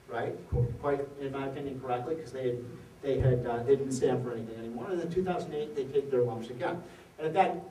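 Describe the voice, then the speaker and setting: A man giving an after-dinner policy speech, an animated storyteller who throws rhetorical questions at the audience. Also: medium pitch, slight background noise. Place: event hall at a reception. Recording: echoey hall from far off.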